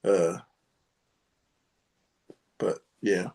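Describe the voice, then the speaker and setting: Easygoing man, halting casual chat. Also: sits low, little pitch movement, darkish tone. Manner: halting, many fillers, self-described sarcastic. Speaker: podcast host.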